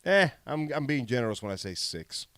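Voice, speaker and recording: Lively, sarcastic man on a live chat. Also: mid-range voice, a little fast, no room sound. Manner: sarcastic, blunt, animated. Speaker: podcast co-host. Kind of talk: casual live-stream chat.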